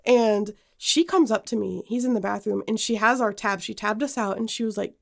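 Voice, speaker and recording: A woman's voice: mid-range voice, brisk, gravelly, hardly any pauses. A young woman co-hosting a podcast, telling a personal story in casual chat, full of fillers and restarts. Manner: animated storytelling with many fillers. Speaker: podcast co-host.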